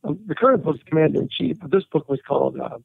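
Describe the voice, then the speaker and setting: A man, a writer and interview guest, telling animated anecdotes and quoting people as he goes. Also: a little high, fast, vocal fry, slightly rough, no echo. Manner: animated anecdotes with quoted voices and laughter. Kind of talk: storytelling interview. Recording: tinny phone-like line.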